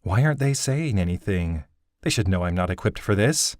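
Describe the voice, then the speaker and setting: A man's voice: low-pitched, animated, moderate pace, a little mellow, no echo, studio quality. A man voicing an earnest young half-elf man who gets flustered easily.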